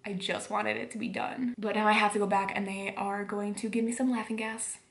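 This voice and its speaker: A young woman talks to her camera at home, rambling through a story and leaning on "like" again and again. Her voice has a gravelly, fry-edged texture, sitting in a middle pitch for a woman. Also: flat delivery, brisk, very noisy. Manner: rambling, frequent fillers like "like". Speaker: vlogger. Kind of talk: casual storytelling vlog. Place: home at bedtime.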